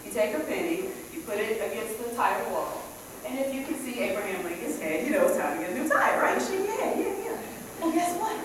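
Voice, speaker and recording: A woman in her thirties gives a humorous contest speech, her high voice swooping animatedly as she laughs at her own jokes. She is heard from a distance in a big, echoing hall. A noticeable murmur of audience sits under her. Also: sing-song, a little fast. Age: 30s. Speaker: contest speaker. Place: large hall, on stage. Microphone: far camera. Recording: echoey hall from far off, audience noise.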